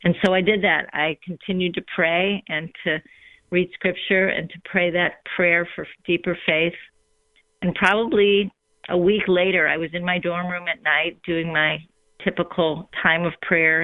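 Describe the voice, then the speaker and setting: A woman telling her personal faith story in a reflective, unhurried way, with frequent ums. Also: fairly low pitch, steady tone, dry recording. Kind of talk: personal testimony in conversation. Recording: tinny phone line.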